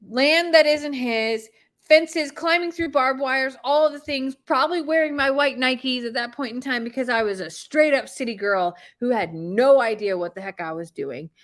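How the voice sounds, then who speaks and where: Woman, casual storyteller, animated and expressive, laughs easily. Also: on the high side. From Midwest US. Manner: animated, laughs often, swings from excited to hushed. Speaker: host telling a personal story.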